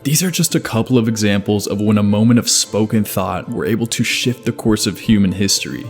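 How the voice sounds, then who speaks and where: Lower-voiced man narrating over faint music. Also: fairly quick. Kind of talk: scripted narration. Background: faint background music.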